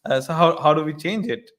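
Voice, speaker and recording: A man's voice: on the high side, expressive, normal speed, fairly bright tone. A man hosting a casual interview who often repeats his words and checks in with the listener. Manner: repeats words, ends points with "right?". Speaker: host.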